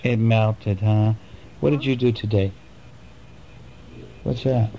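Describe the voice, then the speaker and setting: A father reading a bedtime storybook to his children at home, chatting gently and coaxing them with questions. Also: fairly low pitch, steady tone, takes it slowly, highs cut off, slight background noise.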